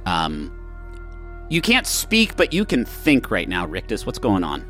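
Deep male GM narrating a tabletop game, loose and relaxed, faint music behind. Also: unhurried. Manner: relaxed, filler-heavy narration. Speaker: game master.

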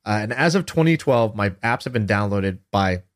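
A man's voice: on the low side, moderate pace. A man in his thirties co-hosting a casual podcast chat, telling a story with animation and acting out what people said. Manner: animated storytelling, acts out quoted voices. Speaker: podcast co-host.

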